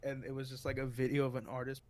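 A man's voice: medium pitch, quick pace, dry recording. Male co-host, mid-range voice, joking and provocative, loose casual delivery. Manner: joking, provocative, animated storytelling. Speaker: podcast co-host. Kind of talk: casual chat.

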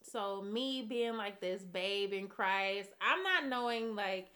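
A woman sharing a personal faith testimony in casual conversation, animated and laughing often as she acts out what people said. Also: medium pitch, slow pace.

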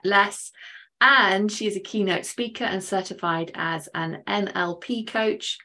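A woman's voice: fairly low pitch, fairly bright tone. A woman hosting a podcast over a video call, bubbly and enthusiastic, laughing often. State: out of breath. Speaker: podcast host. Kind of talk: casual chat, then upbeat podcast intro.

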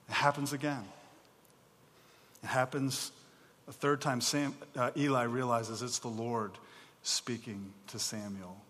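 A man delivers a sermon in a mid-pitched voice, shifting between emphatic preaching and relaxed, chatty asides to his listeners. The recording carries a long hall reverb around him. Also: measured pace, long pauses. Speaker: pastor.

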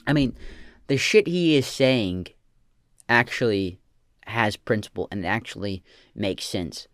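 A man's voice: fairly low pitch, slow, a bit bright, no echo, clean studio sound. A man giving casual, profane, sarcastic reaction commentary.

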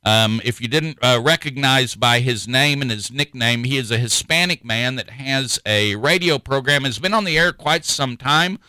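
A folksy man hosts a radio talk show and rambles casually from one point to the next. His voice is bright and edged, at a middling pitch. The sound is dry, with no room around it. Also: normal speed, hardly any pauses, clean tone, no room sound, rough recording.

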